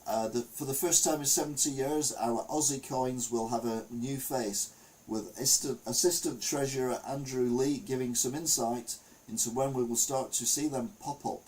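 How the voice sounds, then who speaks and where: An older man hosting a live stream, reading the week's news aloud and adding wry, deadpan asides between frequent ums. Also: mid-range voice, moderate pace, rough recording.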